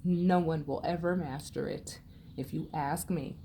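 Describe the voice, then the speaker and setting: A woman tarot reader in a blunt, unscripted vlog rant, sassy and profane, swinging from loud scolding to low murmurs. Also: steady tone, unhurried, slight background noise.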